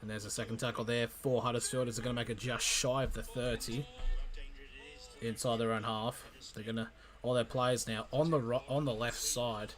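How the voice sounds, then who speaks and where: A man calling a rugby league match live for his stream, in an amateur play-by-play style that jumps in excitement and often stumbles and corrects himself. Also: mid-range voice, normal speed. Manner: excitable, frequent restarts and self-corrections.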